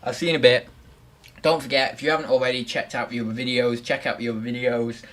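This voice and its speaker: A man's voice: mid-range voice, level tone, fast talker, fairly bright tone. A young man hosting a casual livestream, chatty and self-mocking as he rambles on about his new microphone. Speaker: livestream host. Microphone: desktop microphone.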